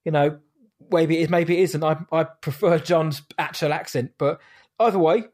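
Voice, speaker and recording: A man co-hosting a podcast who talks things through in a thoughtful, measured, casual way. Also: on the high side, steady tone, darkish tone. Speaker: podcast co-host. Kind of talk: casual chat.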